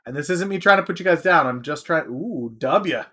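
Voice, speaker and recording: A man's voice: a little high, animated, a little fast, sharp tone. A man hosting a casual live stock market stream, rambling and answering viewers' chat.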